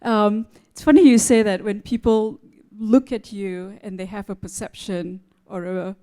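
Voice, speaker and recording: A woman who came to the United States from abroad, moderating a live panel and telling a humorous, animated story. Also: mid-range voice, a little slow. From outside the United States.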